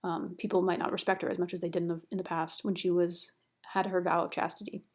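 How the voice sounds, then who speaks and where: A woman's voice: lowish voice, flat delivery, fast, a little mellow. A young woman lecturing on a classical epic in a casual, chatty way, paraphrasing with many fillers and restarts. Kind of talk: recorded university lecture.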